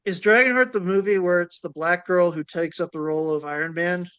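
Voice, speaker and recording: Man, higher pitch, casual podcast co-host, dry joking manner. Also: fairly even intonation, brisk, bright, forceful tone, smooth. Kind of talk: casual chat.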